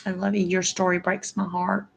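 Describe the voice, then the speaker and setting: A middle-aged woman chatting casually on a livestream, with a gravelly, fry-laden voice pitched a little low. She talks slowly and evenly, with little rise and fall, and addresses her viewers fondly by name. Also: level tone. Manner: affectionate, answers chat comments by name. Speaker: livestream host.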